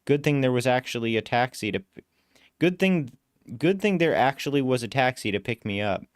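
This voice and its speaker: Man with a smooth, dry voice reading aloud. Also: mid-range voice, expressive, quick pace, no room sound. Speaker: story reader. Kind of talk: first-person story narration.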